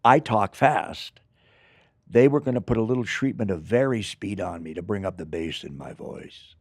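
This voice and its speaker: An older man, an actor, telling rambling, animated stories in an interview, with acted asides. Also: on the low side, moderate pace, no echo, clean studio sound. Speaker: actor guest. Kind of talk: anecdotal interview storytelling.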